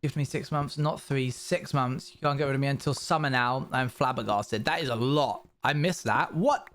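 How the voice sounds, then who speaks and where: A young British man streaming live, chatting casually and answering his viewers' questions in quick, upbeat bursts. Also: medium pitch, a bit bright. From Britain. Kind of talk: casual livestream chat with viewers.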